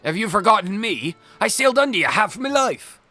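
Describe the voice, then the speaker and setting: A man voicing an excitable, loyal young male pirate sailor in a video game playthrough, with a put-on pirate accent. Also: high-pitched, fairly quick, dry recording, faint music behind, pitched above the performer's own voice, heavily acted. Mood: eager.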